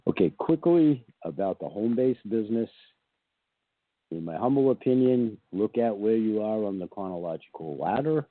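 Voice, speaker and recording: A man's voice: deep voice, slightly rough, no room sound. An older man hosting a home-business podcast, chatting casually with corny jokes and then reading devotions and prayers solemnly. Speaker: podcast host selling home-business products. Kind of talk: casual monologue with read-out devotions. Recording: tinny phone-line sound, dry.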